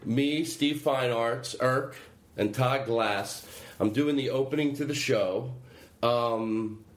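A man's voice: medium pitch, takes it slowly, echoey room. A man hosting a podcast at home, chatting loosely and playfully and laughing often, recorded on a handheld recorder. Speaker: podcast host. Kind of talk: casual chat.

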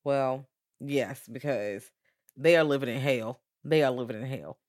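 A woman's voice: a bass voice, a little slow, a little mellow. A woman co-hosting a podcast in casual chat, cracking blunt jokes and throwing in playful sound effects. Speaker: podcast co-host.

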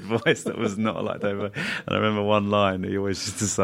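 A man with a very low, gravelly voice tells rambling stories as a guest in a relaxed interview. He laughs as he goes and drops into little performed voices for the people he quotes. The delivery is loose and anecdotal. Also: quick pace, hardly any pauses. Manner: rambling, laughs while telling stories, acts out quoted lines. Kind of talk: casual anecdotal storytelling.

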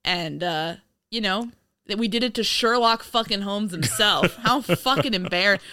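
A woman from the United States co-hosting a casual movie commentary podcast, sarcastic and animated, laughing often. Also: mid-range voice, measured pace. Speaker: podcast co-host.

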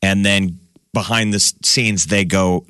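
A man's voice: sits low, steady tone, a little slow, pushed and bright, clear, resonant tone, no room sound. A man hosting a radio show, chatting and joking casually with his co-hosts in a studio. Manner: chatty, joking, trailing off into asides. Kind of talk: casual morning radio banter. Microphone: studio microphone.

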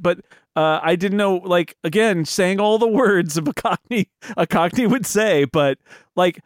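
A man co-hosting a casual film podcast, rambling and animated with many restarts and mock-indignant humor. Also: high voice, smooth, dry recording, studio quality. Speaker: podcast co-host.

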